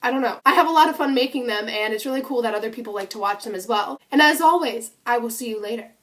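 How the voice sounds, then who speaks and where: A young woman telling a spooky storytime to her vlog camera, chatty and animated, full of "like" and "you know". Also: a little high, quick pace, background noise. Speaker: vlogger.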